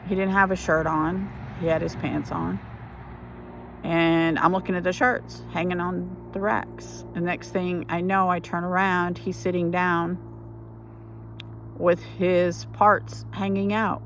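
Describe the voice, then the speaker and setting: A woman with a fairly low, fairly bright voice shares an emotional personal testimony for a ministry, her delivery flat. She speaks haltingly and keeps restarting sentences, and there's a little hiss or hum on the recording.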